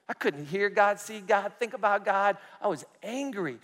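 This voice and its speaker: A man preaching a personal testimony, telling it with animated storytelling that swings between loud and soft. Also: sits high, unhurried, big-room sound. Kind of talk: sermon testimony.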